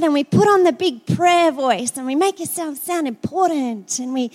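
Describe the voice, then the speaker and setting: A high-pitched middle-aged woman with an Australian accent delivers a sermon. She talks the way she would chat to friends, telling stories and sometimes repeating words as she thinks. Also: moderate pace, few pauses, a little mellow. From South Australia. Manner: conversational, storytelling, repeats words. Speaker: preacher.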